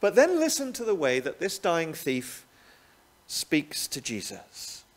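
A man delivers a sermon in a slightly high voice. His pitch swings widely as he leans on rhetorical questions to draw the listener in. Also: takes it slowly. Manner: animated, rhetorical tag questions. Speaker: pastor.

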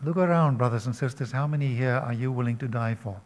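An older man preaching a sermon, slow and emphatic, asking his listeners questions. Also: mid-range voice, a little mellow. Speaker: pastor.

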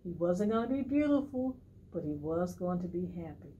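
A woman hosting a library storytime, reading a picture book to preschoolers in an animated way and asking the children questions. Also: on the low side, moderate pace, lo-fi sound, a little hiss or hum.

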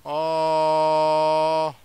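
A young man giving casual gameplay commentary, excitable, swearing often and yelping at scares. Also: a little high, drawn-out words, clean tone, no echo. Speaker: gaming video creator.

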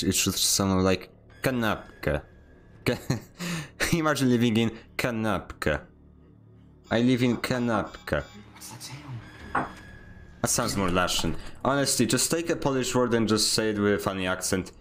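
A man's voice: lowish voice, lively intonation, moderate pace, a bit bright, faint music behind. A young man streaming a game, rambling and joking about himself as he plays, with frequent laughs. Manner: joking, rambling and self-mocking, laughs often. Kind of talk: casual gaming stream commentary.

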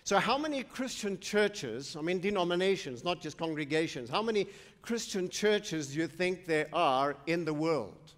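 A pastor preaching a sermon, slow and emphatic, quizzing the congregation. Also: male voice, a little high, expressive. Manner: slow, emphatic preaching with call-and-response questions. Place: church sanctuary. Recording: long church hall reverb.

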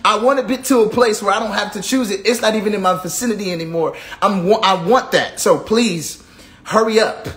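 A man sharing a personal testimony in a preaching cadence, repeating phrases and building from hushed to fervent with sudden whoops. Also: sits high, fairly quick. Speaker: gospel singer giving a testimony.

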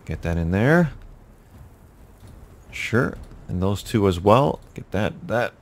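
Low-voiced man narrating his gameplay. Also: lively intonation, slow. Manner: talks to himself, jokey, exasperated outbursts. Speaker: gaming YouTuber. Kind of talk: casual gameplay commentary.

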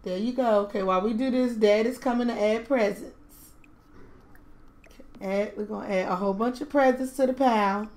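A woman's voice: fairly high pitch, brisk, darkish tone. A woman giving casual gameplay commentary, doting and gushing over her toddlers. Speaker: game streamer.

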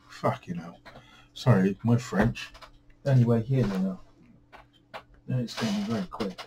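A man's voice: on the low side, measured pace, pauses often, dark tone, soft background music, rough recording. A tired man rambling through a home vlog, weary and self-deprecating, grumbling at himself. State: tired, yawning. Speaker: vlogger.

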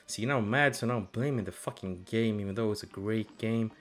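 A young man commenting on his own gameplay, cursing a lot and swinging between angry yelling and low muttering. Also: a little fast, background noise. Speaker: gaming channel host.

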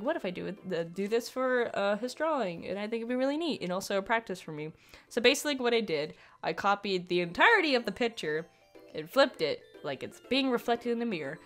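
A young woman giving casual, rambling commentary over a speed paint, giggling often and poking fun at her own work. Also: medium pitch. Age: young adult. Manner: giggly, rambling, self-deprecating. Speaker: digital artist.

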